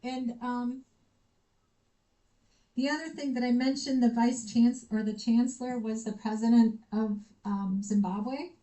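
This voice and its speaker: In a rough recording of a university lecture, a visiting American researcher shares personal stories with animated energy, performing the dialogue she quotes. She speaks unhurriedly in a higher-pitched voice.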